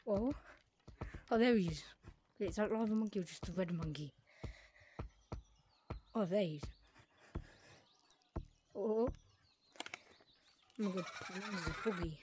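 A woman's voice: mid-range voice, unhurried, pauses often, darkish tone, slight background noise. A woman giving casual, reactive commentary while playing a game, often talking to herself. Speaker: gaming creator. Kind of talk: live gameplay commentary.

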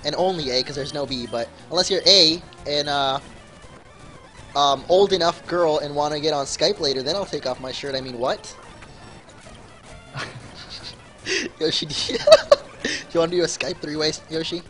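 A man's voice: fairly high pitch, normal speed, long pauses, a bit bright, faint music behind. A man from the USA hosting a gaming livestream, chatting and joking in a goofy, teasing way and laughing often. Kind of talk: casual joking chat over gameplay.

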